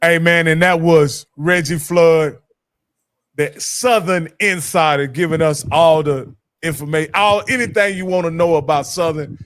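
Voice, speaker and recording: Male host, easygoing, raised pitch, dry mic, casual sports talk. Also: fairly even intonation, moderate pace, no room sound. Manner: laid-back, friendly, says "man" often. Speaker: show host.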